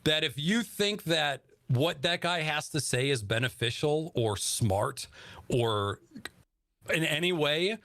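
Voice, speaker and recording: A man's voice: on the high side, animated, slow, vocal fry, fairly bright tone, no room sound. A man co-hosting a casual podcast, talking bluntly and swearing freely as he makes his points. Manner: blunt, swears freely, talks in earnest stretches. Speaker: podcast co-host.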